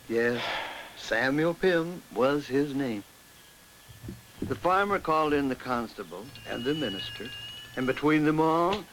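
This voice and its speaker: A man reading a ghost story aloud in a measured way, slowing down for suspense. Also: medium pitch, fairly bright tone, a little hiss or hum, low-quality recording. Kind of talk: scripted ghost story narration. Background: instrumental music.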